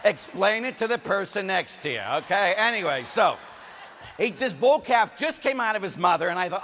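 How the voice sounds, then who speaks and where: Man, Pittsburgh accent, preacher, animated jokey storytelling, somewhat high pitch, long hall reverb. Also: brisk. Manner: animated, jokey storyteller with big swings in volume. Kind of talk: sermon with comic storytelling.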